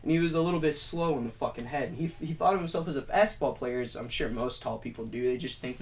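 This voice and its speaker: A young man chatting as a podcast guest, telling stories in an animated, profane way. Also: mid-range voice, fast, few pauses. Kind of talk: casual chat.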